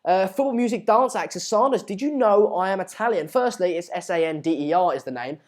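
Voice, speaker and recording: A man's voice: high-pitched, expressive, a little fast, a little mellow. A man hosting a live football watchalong, chatting casually and reading out viewer comments. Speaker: live stream host.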